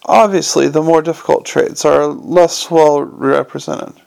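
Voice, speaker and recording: A man voicing a dry, pedantic old zombie lawyer in a slow, formal, gravelly hushed voice. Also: on the high side, fairly even intonation.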